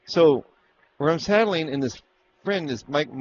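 A man's voice: a little high, lively intonation, measured pace, dull audio, a little hiss or hum. A man telling rambling stories from his years training racehorses, acting out other people's lines and restarting his sentences often. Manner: rambling anecdotes with acted-out quotes and restarts. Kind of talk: casual storytelling interview.

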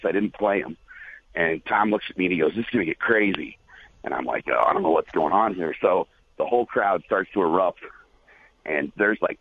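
A man telling a long casual story with lots of fillers, as a guest on a talk show. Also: deep voice. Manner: rambling, many fillers. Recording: phone-line audio.

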